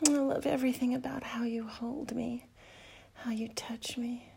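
A woman speaking in a whispered role-play, breathing her words softly and intimately between quiet murmurs. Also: a little high, fairly even intonation, a little slow, creaky, breathy edge.

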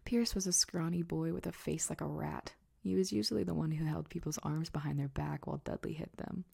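A woman narrating a storybook in a soft, hushed, steady reading. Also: low-pitched, brisk, creaky, slightly rough.

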